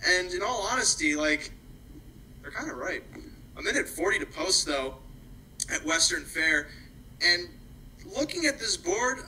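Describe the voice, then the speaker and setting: Bright, jokey man hosting a racing stream. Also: high voice, very animated, measured pace, pauses often, a little hiss or hum, low-quality recording. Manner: jokey, rambling, laughs at himself. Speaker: host and race caller. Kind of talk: casual chat and harness race calling.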